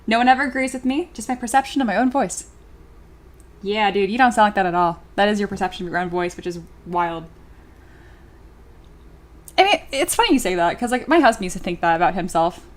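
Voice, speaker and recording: A woman's voice: medium pitch, lively intonation, a little fast, long pauses. A young adult woman livestreaming while she sculpts, chatting casually and giggling as she reads viewer comments aloud. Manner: chatty and giggly, with frequent fillers.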